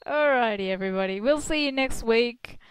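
A woman's voice: on the high side, fairly quick, slight background noise. A woman, co-hosting a casual internet radio chat and telling stories with frequent laughter. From Australia. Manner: chatty storyteller, laughs often. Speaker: co-host.

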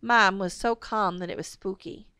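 A woman reading a novel aloud in a steady, measured narration. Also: medium pitch, smooth, dry recording, clean studio sound. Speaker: audiobook reader.

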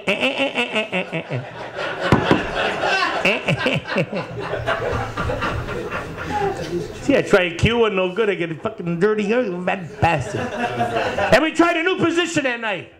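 A man in his fifties doing a profane stand-up routine, rapid-fire jokes and needling the crowd in a bar. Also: high-pitched, expressive. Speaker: stand-up comedian. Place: bar with live audience. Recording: live bar set with crowd laughing. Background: crowd laughter.

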